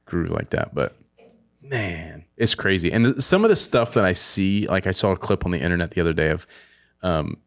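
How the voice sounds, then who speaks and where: Very low-voiced excitable man chatting. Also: normal speed. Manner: excitable, rambling, animated storytelling. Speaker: podcast host. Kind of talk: casual chat.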